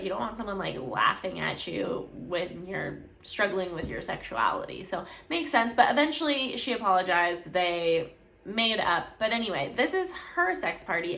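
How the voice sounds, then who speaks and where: A woman's voice: mid-range voice, bright, forceful tone. A woman in a casual, chatty book recap, filling her talk with "like". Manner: chatty, many "like"s. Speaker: book reviewer. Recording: echoey room.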